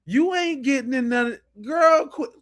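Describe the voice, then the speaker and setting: A man hosting a live podcast, reacting to clips with loud mocking outbursts and slangy banter. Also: extremely high pitch. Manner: quiet rapid aside to viewers. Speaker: podcast host. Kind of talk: live-stream reaction commentary.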